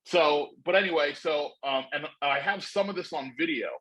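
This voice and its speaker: A man's voice: a little high, moderate pace, fairly bright tone, rough recording. A middle-aged man telling a long story in casual chat, rambling and profane with lots of fillers.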